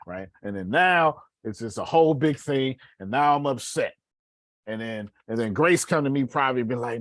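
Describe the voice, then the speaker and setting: Man, teacher, slangy and playful, very lively pitch, dry close sound. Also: normal speed, no echo. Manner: animated, slangy, jokes and acts out examples. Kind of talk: online class teaching.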